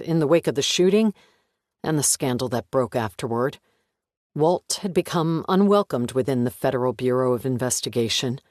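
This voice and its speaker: A man reading a thriller audiobook in an even, measured narration. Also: medium pitch, dry recording, clean studio sound. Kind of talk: scripted narration.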